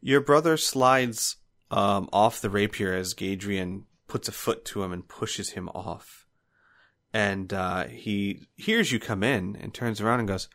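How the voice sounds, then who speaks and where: A man narrating a tabletop game as game master, halting now and then with fillers. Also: on the low side, fairly bright tone.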